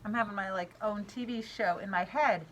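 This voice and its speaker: A woman teacher in her thirties, reading aloud to children in an animated, encouraging way. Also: medium pitch, moderate pace, a little hiss or hum.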